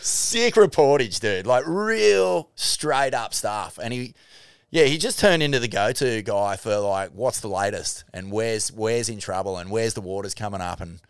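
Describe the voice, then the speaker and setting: An Australian man co-hosting a casual surf podcast chat, sweary and laid-back, with lively mimicry now and then. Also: fairly low pitch, moderate pace, smooth, dry recording, studio quality. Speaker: podcast co-host.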